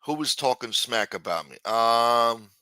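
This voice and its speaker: A man's voice: mid-range voice, expressive, measured pace, pushed and bright, no room sound, studio quality. A man hosting a livestream and telling a crime story in casual, profane street talk. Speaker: livestream host.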